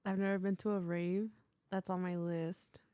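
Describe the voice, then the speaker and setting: A woman guest in a casual interview, talking in a relaxed, chatty way with frequent laughs. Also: lowish voice, moderate pace, clean tone, no echo. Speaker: artist guest.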